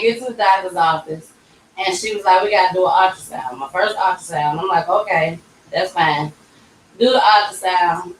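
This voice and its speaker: Casual storyteller, a woman, lively and animated, recorded off-mic in a roomy space with faint background noise. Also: medium pitch, recorded from a distance. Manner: animated, acts out quoted voices. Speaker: vlogger telling her story. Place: tattoo shop.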